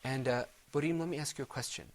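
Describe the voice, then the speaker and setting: A man's voice: mid-range voice, fairly even intonation, fast talker. A middle-aged man teaching Quran recitation in a televised lesson, patiently explaining step by step and chanting Arabic examples.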